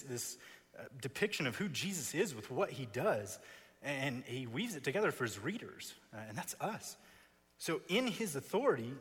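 Husky-voiced male preacher in a chapel. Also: medium pitch, a bit bright. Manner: emphatic, builds with repeated phrases. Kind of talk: expository sermon. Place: seminary chapel. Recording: long reverb of a chapel.

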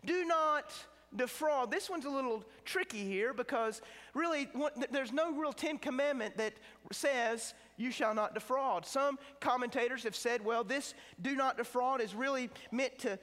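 A man preaching a sermon in a chapel, emphatic and slowing down to stress key words. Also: very high-pitched, fairly bright tone. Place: seminary chapel. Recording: chapel with long reverb.

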